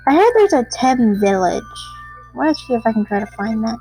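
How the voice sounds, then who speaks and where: High-voiced chatty young woman gamer. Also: sing-song, a little fast, dark tone, slightly rough, dry recording, soft background music, rough recording. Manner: chatty, reacts aloud, reads dialogue. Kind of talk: let's play commentary.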